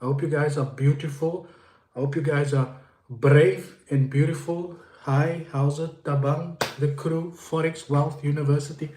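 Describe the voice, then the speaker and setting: A man's voice: fairly high pitch, fairly even intonation, unhurried, a little mellow. Rambling man live on a phone, echoey. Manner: greets viewers by name, rambling and repetitive. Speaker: livestream host. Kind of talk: casual livestream chat. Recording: echoey room.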